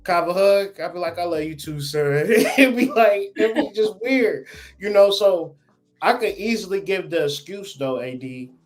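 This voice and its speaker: A man in casual podcast chat, blunt and profane, telling lively stories as the guest. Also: sits high, unhurried. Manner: blunt, profane, animated storytelling.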